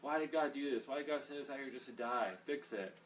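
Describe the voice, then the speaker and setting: A man's voice: medium pitch, fast talker, voice pushed up, natural voice. A man mimicking the whining Israelites in a complaining tone. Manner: whiny. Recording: distant mic, faint background noise.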